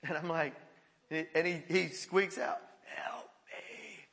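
A male pastor telling stories in a sermon, animated and often chuckling. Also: a little high, measured pace. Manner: animated storytelling with frequent chuckles. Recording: echoey hall.

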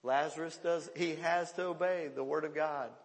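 A man's voice: a little high, steady tone, moderate pace. Emphatic preaching man in a reverberant hall. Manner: emphatic preaching, swings between loud calls and hushed quotes. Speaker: pastor. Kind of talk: sermon.

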